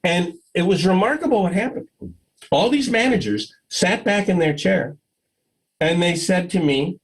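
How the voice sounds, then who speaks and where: A man with a somewhat high, husky voice gives a conference talk over a video call. His pitch swings widely as he acts out dialogue and laughs through his stories. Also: normal speed, poor audio. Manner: animated storyteller, acts out dialogue, laughs often. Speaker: conference speaker.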